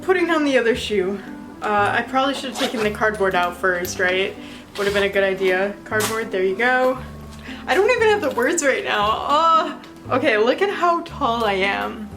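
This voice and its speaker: A young woman vlogging casually in her bedroom, gushing and excitable as she unboxes and tries on shoes. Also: medium pitch, normal speed, over music, poor audio.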